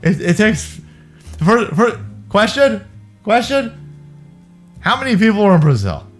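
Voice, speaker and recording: A man's voice: sits high, sing-song, measured pace. Sarcastic ranting man over music. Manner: sarcastic, profane, mocking. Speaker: commentary host. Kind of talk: ranting commentary.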